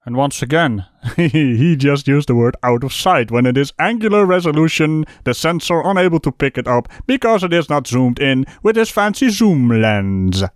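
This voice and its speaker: A man's voice: on the high side, expressive, normal speed, no room sound, studio quality. A man giving mocking, sarcastic commentary on a video, laughing at what he hears. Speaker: debunking commentator.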